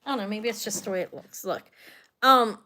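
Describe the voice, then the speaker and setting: A woman runs a live online jewelry sale, her mid-range voice fairly quick, pushed and bright. She rambles chattily, frequently trailing off partway through sentences and restarting.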